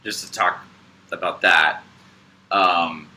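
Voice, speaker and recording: Deep-voiced man, halting podcast chat. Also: fairly even intonation, sharp tone, rough recording. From United States. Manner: rambling, hesitant, many fillers and restarts. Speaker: podcast co-host. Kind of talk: casual spiritual podcast chat.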